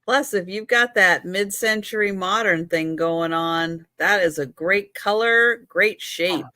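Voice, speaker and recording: A woman's voice: on the low side, measured pace, bright, forceful tone, no room sound, clean studio sound. A woman co-hosting a sale show, chatting casually and commenting with enthusiasm. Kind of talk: casual chat.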